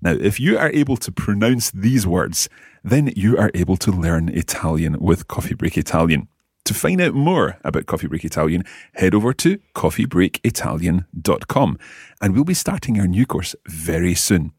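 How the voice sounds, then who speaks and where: A man's voice: low voice, big pitch swings, moderate pace, darkish tone, breathy edge, dry recording, studio quality. A man hosting a language-lesson podcast as the teacher, with an enthusiastic, teacherly delivery.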